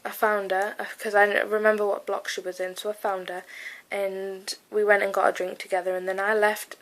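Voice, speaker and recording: A woman's voice: mid-range voice, level tone, fairly quick, a bit bright, low-quality recording. A teenage woman talks straight into her webcam from her bedroom. She rambles and gushes, stringing her thoughts together with "like" and "oh my God", in a casual vlog. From United Kingdom. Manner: gushing, rambling, lots of "like" and "oh my God". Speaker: vlogger. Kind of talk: casual vlog recounting a concert.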